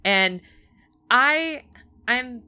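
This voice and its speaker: A young woman chats casually as a podcast co-host, telling a story full of fillers and quoted lines. Her voice is bright and forceful, with a smooth, crisp clarity. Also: fairly high pitch, lively intonation, drawn-out words. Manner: chatty storytelling, many fillers, acts out quotes. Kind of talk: casual chat.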